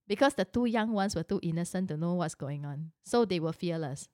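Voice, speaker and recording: A woman's voice: fairly low pitch, lively intonation, fairly quick, darkish tone, dry recording, clean studio sound. A middle-aged woman telling a personal story in a casual, chatty way, full of rhetorical questions and asides.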